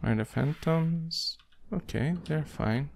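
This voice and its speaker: A man giving casual gameplay commentary and muttering to himself in a slow, halting way while he plays. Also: on the high side, creaky, darkish tone. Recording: noisy home recording with keyboard and mouse clicks.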